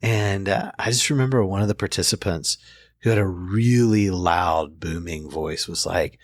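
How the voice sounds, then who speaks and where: A man's voice: low-pitched, moderate pace, no echo. A man in his forties, a therapist hosting a casual podcast conversation, telling reflective stories and often restarting his sentences. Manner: reflective storyteller, with frequent restarts. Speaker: therapist host.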